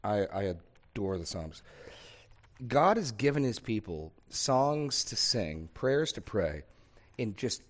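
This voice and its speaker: A man leading a Bible discussion as pastor, speaking earnestly, thinking aloud with small restarts and building points through rhythmic repetition. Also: deep voice. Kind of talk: unscripted teaching in a sermon discussion.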